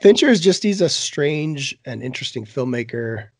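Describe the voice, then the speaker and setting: Male co-host, hoarse from a cold, husky and gravelly, blunt and casual. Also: medium pitch, animated, moderate pace, no room sound. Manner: swears a lot, loose and blunt. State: sick, hoarse. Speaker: podcast co-host. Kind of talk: casual chat.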